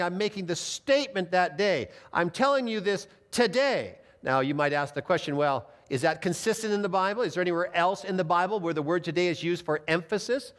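A male pastor delivers a Bible teaching in an emphatic, explanatory way. His voice sits a little high for a man and swings widely in pitch. He reads scripture aloud and then unpacks it.

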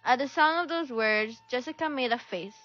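A woman's voice: high-pitched, normal speed, fairly bright tone. A woman reading a children's story aloud, shifting her voice a little for each character. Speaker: storybook reader. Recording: dull lo-fi recording with faint music.

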